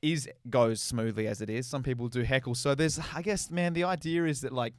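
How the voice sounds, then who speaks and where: A man's voice: medium pitch, brisk, no room sound, clean studio sound. A man with an Australian accent, a stand-up comedian and podcast guest. He chats casually, swears freely and acts out his exchanges with the crowd.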